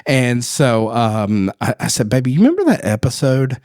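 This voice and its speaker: A podcast co-host tells a story in casual conversation, laughing often. His mid-range voice is a little mellow and very animated, delivered at a moderate pace, captured in a clean, dry studio recording.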